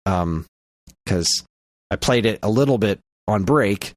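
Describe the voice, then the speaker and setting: A man co-hosting a podcast in casual chat, ranting with animated energy. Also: fairly low pitch, unhurried, no echo. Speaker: podcast co-host.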